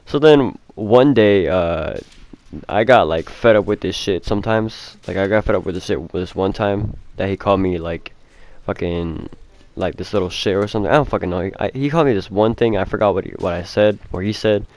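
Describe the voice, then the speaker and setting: A man's voice: low voice, fairly quick, darkish tone. A young man telling a casual storytime, rambling with fillers and heavy swearing. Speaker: vlogger.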